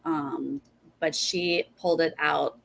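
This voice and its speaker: A woman's voice: low-pitched, steady tone, takes it slowly, creaky. A woman hosting a casual recap chat, chatty and thanking viewers as she goes. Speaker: podcast host.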